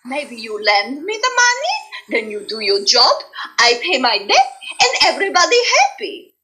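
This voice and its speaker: A woman's voice: high-pitched, wildly swooping pitch, moderate pace, bright, forceful tone, full character voice, poor audio. A woman voicing a cheerful young Polish woman who speaks broken English in a bubbly, sing-song way. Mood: bewildered.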